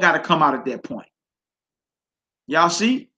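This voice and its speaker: A man's voice: fairly high pitch, very animated, a little slow, pauses often, pushed and bright. A man reading scripture aloud and commenting on it in a casual, slangy preaching manner. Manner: casual slang, frequent "you know what I'm saying" asides. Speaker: religious teacher.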